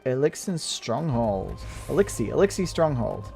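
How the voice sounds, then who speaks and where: Excitable man rambling over gameplay. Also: medium pitch, moderate pace, faint music behind. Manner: rambling, excitable, laughs often. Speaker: gameplay video host. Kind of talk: casual gameplay commentary.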